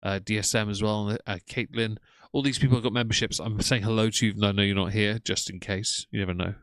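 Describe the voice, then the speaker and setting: A young man reacting to videos on a live stream, chatty and sarcastic, reading out chat names. His voice is bright and forceful, recorded close and dry with no room sound. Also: lowish voice, fairly even intonation, fast talker, no echo. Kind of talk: casual live-stream commentary.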